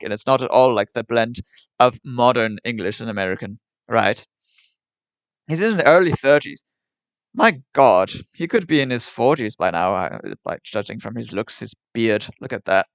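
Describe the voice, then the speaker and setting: A man's voice: medium pitch, no echo. Rambling young man, dry close sound. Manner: rambling, wry, mock-formal phrasing. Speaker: livestreamer. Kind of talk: casual livestream commentary.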